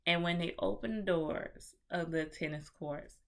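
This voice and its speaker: A woman with a notably low voice retells a film in a loose, chatty vlog review. She talks animatedly, full of slang and the odd swear word, and addresses her viewers directly. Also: measured pace, creaky, a bit bright. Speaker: movie reviewer.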